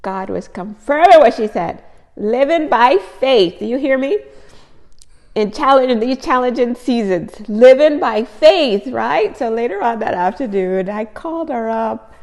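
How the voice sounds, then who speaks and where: A woman with a somewhat high voice that has a gravelly, fry-tinged edge shares her faith with viewers in a casual vlog. She is effusive and emotional and keeps circling back to the same phrases for emphasis. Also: animated, moderate pace, a little mellow, in a large hall. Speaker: faith vlogger.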